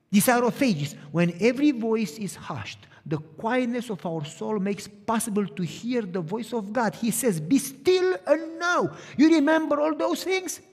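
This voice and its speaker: A middle-aged man preaching a sermon as pastor, telling stories and acting out conversations. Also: very high-pitched. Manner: animated storytelling, acting out dialogue. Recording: long reverb of a large hall.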